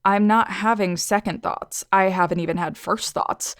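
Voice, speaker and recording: A young woman narrates a first-person audio story, dry and sarcastic in tone. Her mid-range voice has a gravelly edge, recorded close in a dead, dry room. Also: mid-range voice, steady tone, normal speed, no room sound.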